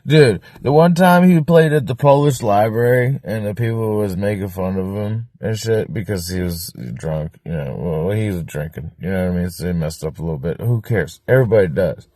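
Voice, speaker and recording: A man interviewed about his former band, talking in a rambling, profane, excitable way and laughing often. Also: on the low side, moderate pace, few pauses, no echo. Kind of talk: casual documentary interview.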